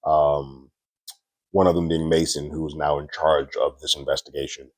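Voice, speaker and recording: A man's voice: a bass voice, little pitch movement, normal speed, no echo. A man reviewing a TV episode in a casual, conversational recap, slipping into the characters' lines as he retells the plot. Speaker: TV series reviewer.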